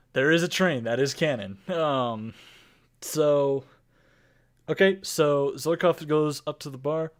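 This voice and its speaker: A man narrating a tabletop game as game master, in loose, rambling speech. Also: fairly high pitch.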